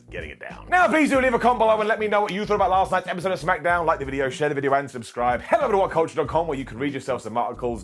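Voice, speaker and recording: A man hosting a casual wrestling review, sarcastic, animated and joking. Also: on the high side.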